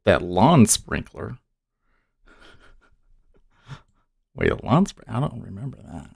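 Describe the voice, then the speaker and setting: A man with a very low voice hosts a casual trading livestream. He rambles, teases himself and reads out chat comments in an easygoing, unscripted way. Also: very animated, slow, vocal fry, breathy edge, no echo, studio quality. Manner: rambling, self-deprecating, reads chat aloud. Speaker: day trading livestream host. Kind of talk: casual live-stream chat.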